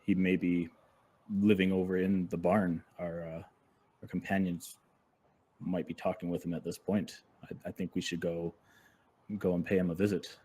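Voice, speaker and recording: A man plays in a tabletop game, hesitant and thinking aloud as he speaks in character. His voice is very low and deep. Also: little pitch movement, normal speed, pauses often, dark tone. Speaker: player.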